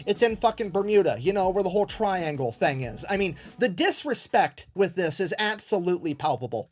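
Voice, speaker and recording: Irreverent man telling a war story. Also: high voice. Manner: irreverent, profane, joking asides. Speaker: history storyteller. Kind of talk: casual comedic history narration.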